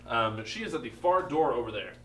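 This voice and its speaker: A man narrating a tabletop game as game master, describing scenes in a halting way with frequent fillers. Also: mid-range voice, lively intonation, roomy sound, slight background noise. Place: room at a gaming table.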